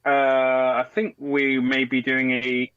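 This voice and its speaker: A man speaking as a guest over a video call, relaxed and offhand. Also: mid-range voice, slow pace, clean tone. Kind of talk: casual chat. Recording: dull dry video-call audio.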